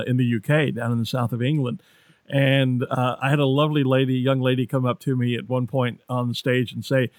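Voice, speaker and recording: A man's voice: medium pitch, no room sound, studio quality. An American man hosting an interview, chatty and friendly, asking questions and telling side stories. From United States. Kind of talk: casual interview.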